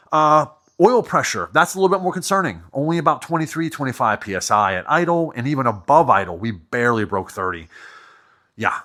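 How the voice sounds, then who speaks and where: A man's voice: on the high side, pushed and bright. A man from New Hampshire giving casual running commentary while working on an old vehicle, rambling into joking, self-deprecating asides.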